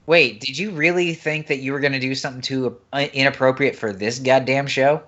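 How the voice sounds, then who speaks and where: A man's voice: mid-range voice, fairly even intonation, brisk, a bit bright. Teasing, profane male podcast co-host. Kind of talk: casual gaming chat. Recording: dull lo-fi recording.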